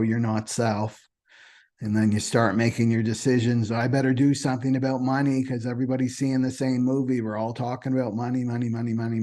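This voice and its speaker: Speaking in a darkish, medium-pitched voice, the astrology channel host offers an informal spiritual monologue. He teaches loosely and repetitively, often pausing to ask "right?".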